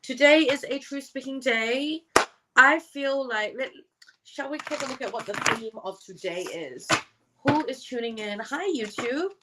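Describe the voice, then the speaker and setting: A woman's voice: high voice, a little slow, very noisy. A young woman reading tarot on a live stream, chatting casually and slangily with viewers and swearing now and then.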